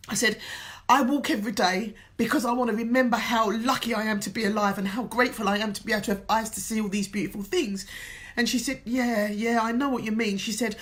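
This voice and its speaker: A woman from England speaks as a life coach, sharing a motivational story in an earnest, emotional way. She sounds tearful at times, with a voice pitched a little high. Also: fairly bright tone. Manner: emotional, earnest, tells a story with quoted dialogue.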